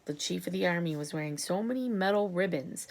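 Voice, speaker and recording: A woman teacher reading a chapter book aloud to children, in a lively and expressive way. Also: fairly low pitch, a little fast.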